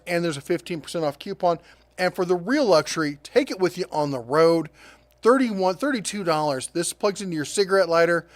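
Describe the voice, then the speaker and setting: A middle-aged man hosting a casual deals rundown, chatty and quick with asides, laughing at his own jokes. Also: on the high side, no room sound. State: prone to coughing fits. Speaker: host of a tool and deals channel.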